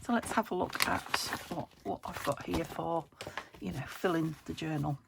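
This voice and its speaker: A woman's voice: sits low, normal speed, vocal fry, very noisy. A British woman hosting a crafting vlog from her home craft room, chatting as she works, thinking aloud and laughing often. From United Kingdom. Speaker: crafting channel host.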